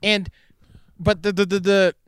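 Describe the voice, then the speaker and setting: A man chatting casually on a hike, rambling with halting restarts, recorded outdoors on a handheld mic. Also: sits high, level tone, fairly bright tone, slight background noise. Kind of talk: casual banter while hiking. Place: outdoors on a hiking trail.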